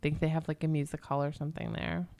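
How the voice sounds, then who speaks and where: A woman's voice: low-pitched, little pitch movement, quick pace, vocal fry, mellow. A woman co-hosting a podcast, telling a ghost story in loose, chatty talk with swearing and giggly asides.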